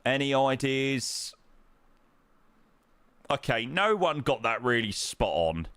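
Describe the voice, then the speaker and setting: A man chatting casually to his live-stream viewers as he plays, thanking supporters and reacting loudly to his own guesses. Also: mid-range voice, slow pace, clear, resonant tone, no room sound. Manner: excitable, swings between muttering and loud outbursts. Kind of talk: casual live-stream chat while playing.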